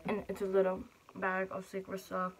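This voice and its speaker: A woman's voice: medium pitch, completely flat delivery, normal speed, background noise. A young woman chatting casually between bites in a home eating vlog, bubbly and chatty, in a small bedroom. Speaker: mukbang vlogger.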